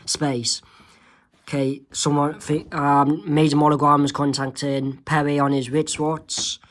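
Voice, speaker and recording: A man reading his own homemade comic aloud, halting, with many fillers and self-corrections. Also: on the high side, flat delivery. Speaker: amateur comic creator.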